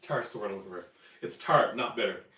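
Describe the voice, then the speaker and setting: A man's voice: on the low side, quick pace, sharp tone, echoey room, far from the mic, low-quality recording. A man from Newfoundland hosting a casual live cooking stream, talking in a rambling, chatty way and correcting himself as he goes. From Newfoundland, Canada. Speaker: cooking show host. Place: home kitchen.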